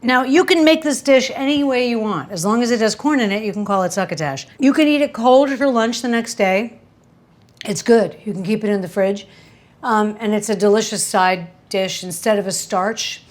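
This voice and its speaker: A woman's voice: medium pitch, normal speed, rough recording. A woman hosting a casual cooking demonstration in a kitchen, chatty and candid, teasing herself and breaking into sudden exclamations. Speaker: cooking show host.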